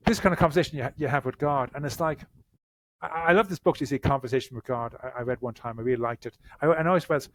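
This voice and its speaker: A man speaks as a therapist on a podcast. His voice sits at an ordinary middle pitch, and his delivery is earnest. He often restarts his sentences with repeated words. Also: quick pace, no room sound. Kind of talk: conversational interview answers.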